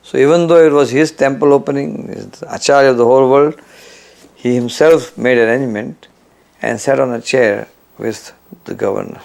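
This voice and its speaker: A man recounting memories of his spiritual teacher, acting out the quoted lines with a louder, higher voice. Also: steady tone, normal speed, vocal fry. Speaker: devotee recalling memories. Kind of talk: storytelling reminiscence.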